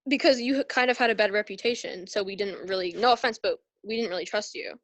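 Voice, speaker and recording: A young woman talks on a video call, hesitant and full of fillers. Her voice sits at a middle pitch, and the sound is dry and close. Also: fast, dry recording, low-quality recording. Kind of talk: casual chat.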